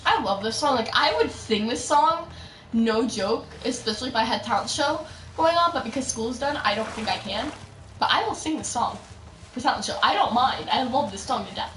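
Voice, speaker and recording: Young female streamer, animated chatter with shouted outbursts, mic set back, noisy backdrop. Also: fairly high pitch, normal speed, soft background music. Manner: chatty storytelling, bursts of excited shouting at the game. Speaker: gaming streamer. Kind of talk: casual live-stream chatter while gaming. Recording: roomy echo, mic at a distance, loud background noise.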